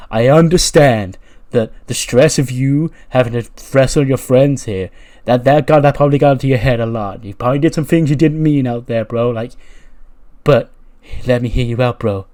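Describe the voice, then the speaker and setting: A man voicing an overexcited male wrestler who calls everyone bro, gushing and loud. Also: medium pitch, normal speed, natural voice. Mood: excited. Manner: says "bro" constantly, gushing.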